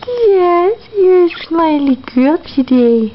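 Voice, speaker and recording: Sing-song high-voiced mother in baby talk. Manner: slow, sing-song and coaxing. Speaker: mother filming her young daughters. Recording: dull lo-fi sound with steady background noise.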